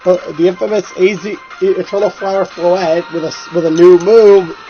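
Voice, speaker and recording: A man's voice: high-pitched, fairly even intonation, moderate pace. Stuffy-nosed man rambling with restarts. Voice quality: nasal. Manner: rambling, many restarts and fillers. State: stuffy nose and sore throat. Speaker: gaming video co-host. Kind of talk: casual chat. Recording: slightly dull recording with faint music.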